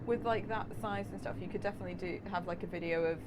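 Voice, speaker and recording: A woman's voice: lowish voice, fairly even intonation, racing, heavy background noise. A woman running the video layers in a theatre rehearsal, talking casually with lots of fillers. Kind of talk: rehearsal planning talk.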